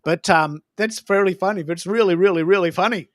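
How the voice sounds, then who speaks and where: A man with an Australian accent hosting a casual live-stream chat, telling stories in an animated, chatty way. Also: high voice, a little fast, no echo, studio quality. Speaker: host.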